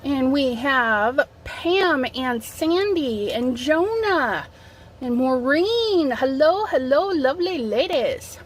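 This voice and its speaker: Taking things slowly, this middle-aged woman speaks in a high, animated voice while streaming a relaxed crafting session from home on her phone. She reads viewer comments and chats through setup, sniffling slightly from allergies, over a faint hiss or hum.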